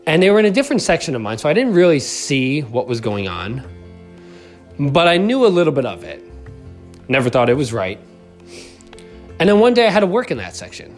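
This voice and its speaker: A man coaching on communication in a lively, animated voice that swings up and down. He pitches a little high and often checks in with the listener. Soft music plays underneath. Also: a little fast, long pauses. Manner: animated, acts out quoted voices, says "right?" often. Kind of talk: motivational self-help talk.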